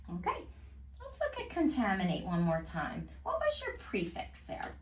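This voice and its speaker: A woman tutoring a student in reading, praising often and sounding out words slowly in parts. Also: lowish voice, huge pitch swings. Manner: slow, clearly segmented word pronunciation. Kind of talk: one-on-one reading lesson. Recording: roomy sound from a distance.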